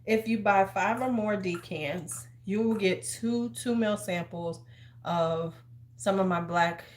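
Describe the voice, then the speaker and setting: A woman's voice: mid-range voice, slow. A woman in her fifties hosting a casual livestream from home, chatty and sassy, handing out advice like a big sister. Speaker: host. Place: large room at home. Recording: roomy echo.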